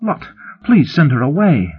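A man's voice: a little high, huge pitch swings, measured pace, husky, pitched above the performer's own voice, full character voice. Man voicing a prim, fussy male alien. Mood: pleading. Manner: prissy, pleading. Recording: tinny phone-like sound.

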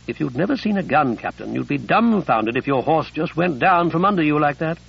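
Dry, wry man voiced by a male narrator, gravelly, muffled lo-fi recording. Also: on the high side, expressive, brisk, exaggerated voice. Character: dry, sharp-witted male observer.

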